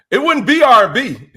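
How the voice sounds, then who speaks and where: Brief: lively, bright-voiced man, chatty guest, breaks into song snippets. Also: extremely high pitch, husky. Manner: animated, laughs often, sings snippets of songs. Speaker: interview guest, R&B enthusiast. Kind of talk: casual chat.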